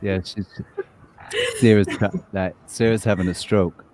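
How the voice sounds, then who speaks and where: A man's voice: lowish voice, steady tone, unhurried, noisy background. A man hosting a casual live stream chat over a video call, jokey and teasing. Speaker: host.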